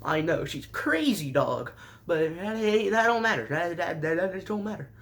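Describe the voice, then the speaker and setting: A man's voice: sits high, big pitch swings, moderate pace, a bit bright. A man casually recapping a show with sarcastic, rambling asides and mock surprise. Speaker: show reviewer.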